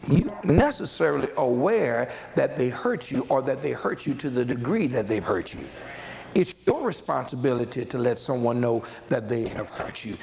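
A man's voice: mid-range voice, lively intonation, normal speed, gravelly, a little mellow, poor audio. A man preaching a sermon as a pastor, talking conversationally with repeated words and folksy asides to the congregation.

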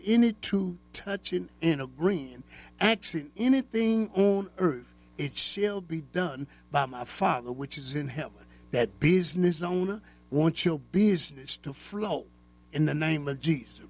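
Gravelly, fervent radio preacher man. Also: a little high. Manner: fervent, rhythmic preaching cadence. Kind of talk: radio prayer sermon.

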